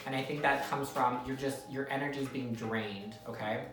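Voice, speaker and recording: A woman's voice: rumbling low, steady tone, moderate pace. A woman giving a casual tarot reading to viewers, chatty and repetitive, often checking in with "okay?". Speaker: tarot reader. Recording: echoey room, mic at a distance.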